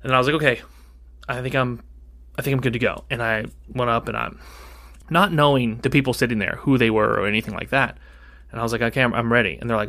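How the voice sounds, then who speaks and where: Bright, animated man in casual podcast chat, rambling storyteller. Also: mid-range voice, fast talker. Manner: rambling, animated, acts out quoted dialogue. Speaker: podcast co-host.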